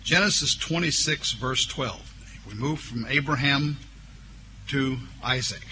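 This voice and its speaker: Male preacher, slow and deliberate, bright voice; reads scripture and stretches out key words. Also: mid-range voice, a little hiss or hum. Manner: voices imagined objections from listeners. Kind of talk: sermon with scripture reading.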